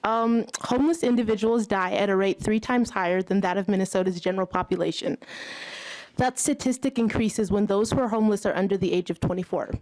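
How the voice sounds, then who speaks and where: A woman's voice: mid-range voice, fairly quick, a little mellow, rough recording. A nervous young woman, born in Haiti, reading her prepared testimony to a legislative committee in a hearing room, laughing nervously now and then. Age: young adult. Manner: nervous, laughs between phrases. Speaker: youth advocate testifying.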